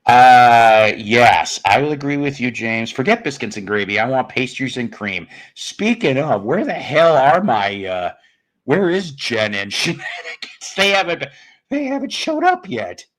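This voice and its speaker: A man's voice: medium pitch, sing-song, measured pace, fairly bright tone. A man hosting a casual live stream, rambling and joking with viewers with crude humor. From northern United States.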